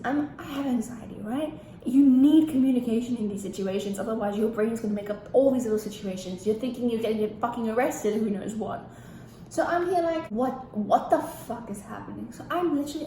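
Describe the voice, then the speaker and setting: A teenage girl telling a storytime vlog, animated and ranting, with heavy swearing. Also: a little high, slight background noise. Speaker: vlogger. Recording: echoey room with faint ambience.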